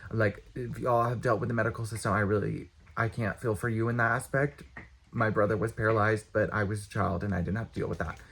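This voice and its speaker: A man's voice: lowish voice, steady tone, creaky, fairly bright tone, slight background noise. A young man ranting casually to camera, exasperated, blunt and profane. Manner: exasperated, blunt, profane, talks with quick bursts. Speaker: vlogger.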